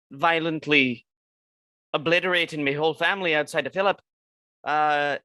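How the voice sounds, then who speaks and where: A man's voice: a little high, sharp tone, no room sound. A man playing a tabletop game, rambling through his character's motives with many fillers. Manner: rambling, uses fillers like 'you know'. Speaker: player.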